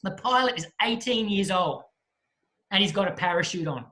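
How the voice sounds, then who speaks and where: A man, a guest speaker telling a lively story in a talk and acting out the people in it. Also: sits high, normal speed. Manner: lively storyteller who acts out the voices of the people in his story.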